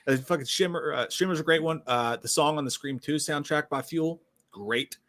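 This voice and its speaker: A man's voice: a little high, a bit bright. A man co-hosting a casual livestream, riffing enthusiastically about music and movies with lots of swearing. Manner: enthusiastic, profane, fast riffing. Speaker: podcast co-host.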